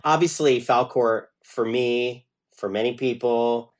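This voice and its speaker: Brief: male host, mid pitch, casual, jokey, curses a lot. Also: fairly even intonation, slow. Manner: swears freely, jokey. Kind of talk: casual interview.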